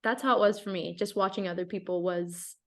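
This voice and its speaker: A woman's voice: fairly low pitch, a little fast. A young adult woman chatting casually as a podcast guest, talking openly with a lot of "like" fillers. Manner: chatty, frequent "like" fillers, animated. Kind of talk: casual chat.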